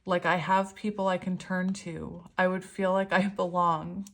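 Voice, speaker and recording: A woman's voice: fairly low pitch, flat delivery, a little slow. Chatty woman doing a tarot reading. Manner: rambling and chatty, laughs often. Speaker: tarot reader. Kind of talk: casual spiritual reading.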